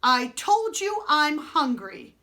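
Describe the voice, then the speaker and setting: A woman voicing a haughty, spoiled young prince who speaks high, shrill and indignant. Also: sing-song, slow, sharp tone, full character voice.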